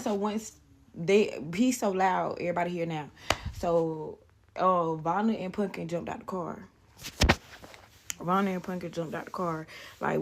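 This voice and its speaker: A woman's voice: lowish voice, steady tone, moderate pace, vocal fry, a little hiss or hum. A young woman casually telling a personal story, rambling and profane, acting out the quotes in raised voices.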